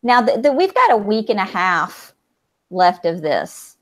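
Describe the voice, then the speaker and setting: A woman's voice: medium pitch, sing-song, unhurried. A woman co-hosting a reality show recap, chatting casually, agreeing and reading comments. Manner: agreeable, reads chat comments aloud. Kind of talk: casual chat.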